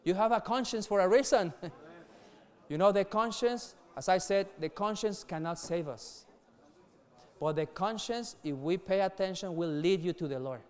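A middle-aged man preaching earnestly to young people, laughing softly between points and repeating words as he goes. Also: sits high, moderate pace, smooth. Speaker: youth pastor.

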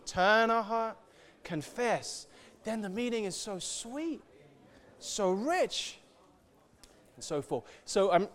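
A man giving an animated sermon, swinging from soft to shouting and acting out quoted voices. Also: high-pitched. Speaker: church speaker.

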